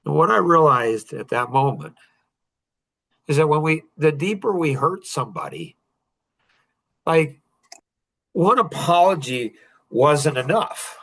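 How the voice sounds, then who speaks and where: A man telling a rambling, emotional personal story on a podcast, getting louder and higher when he makes a point. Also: sing-song, takes it slowly, gravelly, pauses often. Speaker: podcast guest.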